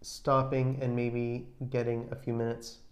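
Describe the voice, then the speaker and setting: A man's voice: mid-range voice, completely flat delivery. A middle-aged man co-hosting a podcast, talking earnestly about marriage with a lot of restarts. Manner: earnest, advising, halting with restarts. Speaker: podcast co-host. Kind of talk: casual chat.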